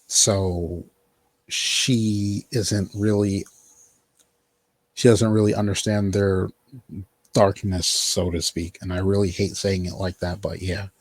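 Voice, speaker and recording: Husky low-voiced man recapping a show. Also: level tone, takes it slowly, dry recording. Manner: rambling, filler-heavy, quotes characters in mock voices. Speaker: podcast host. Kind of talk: casual chat recapping a TV show.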